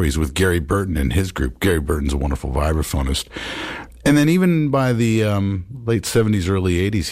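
A man's voice: low voice, darkish tone, husky, no echo. A man hosting a jazz radio show, musing in a loose, rambling way with plenty of fillers as he talks about records.

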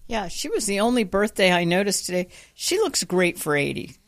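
A woman's voice: medium pitch, sing-song, fairly quick, no room sound, studio quality. A woman co-hosting a morning radio show, chatty in casual talk and often repeating her words. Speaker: radio co-host.

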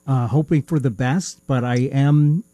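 A man's voice: mid-range voice, measured pace, warm tone, dry recording. A man co-hosting a podcast in casual chat, rambling and hesitant with lots of fillers and chuckles, with a slight lisp. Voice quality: slight lisp from a missing tooth. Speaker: podcast co-host.

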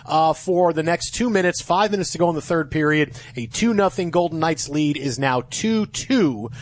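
A man hosting a sports talk radio show, excitable and jokey. He breaks into loud cheers and reads sponsor spots. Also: fairly high pitch, normal speed. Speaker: sports radio fill-in host.

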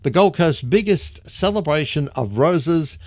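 A man's voice: a little high, lively intonation, unhurried, darkish tone, dry recording, clean studio sound. An Australian man presenting a local radio show and reading a community announcement in a friendly, chatty way. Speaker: radio host. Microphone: studio microphone.

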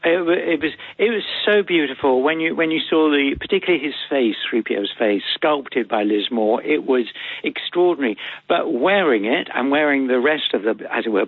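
A man's voice: medium pitch, slightly rough, no echo. An older actor chatting as a radio guest, wry and genteel as he tells stories. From England. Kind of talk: phone interview chat. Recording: tinny dry phone line.

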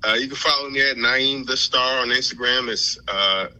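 A man calling in on the phone as a guest comedian, easygoing and relaxed. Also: medium pitch, normal speed. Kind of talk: phone interview. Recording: phone line on the radio.

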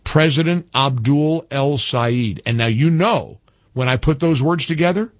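A man's voice: a little high, a little slow, no room sound, clean studio sound. A middle-aged man hosting a talk radio show, delivering a combative, opinionated monologue full of emphatic repetition. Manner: combative, emphatic, repeats himself.

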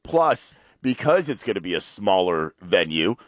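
A man with a low voice who talks bluntly and emphatically in a relaxed chat. He is recorded close and dry. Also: measured pace, dry recording. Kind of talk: casual chat.

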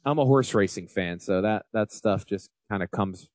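A man in his forties with a Northern US accent, hosting a radio talk show on financial planning. He talks loudly and energetically, joking and yelling into a close mic. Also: on the low side, normal speed, no echo. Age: 40s. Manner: loud, yelling. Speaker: financial advisor radio host. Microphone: close studio mic.

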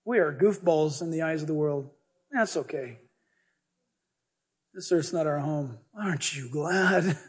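A male pastor preaches with animated, joking energy, slipping into stories as he goes. His voice sits high for a man and has a husky edge. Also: a little slow, long pauses. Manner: animated, jokey, storytelling preacher. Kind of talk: sermon.

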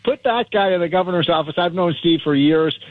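A man speaking as a guest on talk radio, animated and rambling, with frequent restarts. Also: fairly high pitch, brisk, no room sound. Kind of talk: talk radio interview by phone. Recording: tinny dry phone line.

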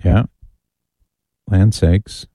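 A man's voice: sits low, fairly even intonation, very slow, dark tone, dry recording. A man hosting a call-in radio show, chatting in an easygoing, bantering way. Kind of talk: casual call-in radio chat.

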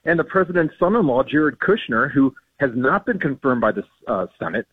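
A man's voice: mid-range voice, big pitch swings, fairly quick, husky, dry recording. A man speaking as a guest on a phone-in radio interview, earnest and indignant, with many ums and restarts. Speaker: policy guest. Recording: tinny phone line.

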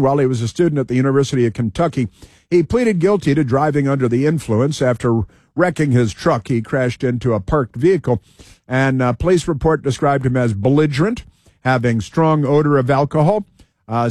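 A man's voice: mid-range voice, a little fast, darkish tone, no room sound, studio quality. A man hosting political commentary, reading news aloud with sarcastic asides, fillers and restarts.

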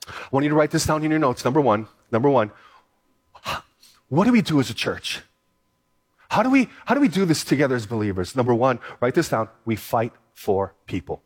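A man's voice: mid-range voice, sing-song, a little fast, long pauses. A man preaching a sermon, reading scripture aloud and then pressing his points with repetition and emphasis. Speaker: pastor.

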